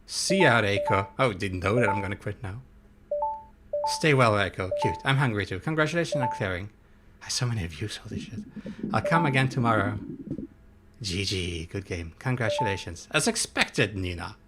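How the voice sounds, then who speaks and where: A young man giving live commentary on a horror game, excitable and quick to swear and yelp at scares while reading his chat aloud. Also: fairly low pitch, over loud music. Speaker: streamer playing a horror game.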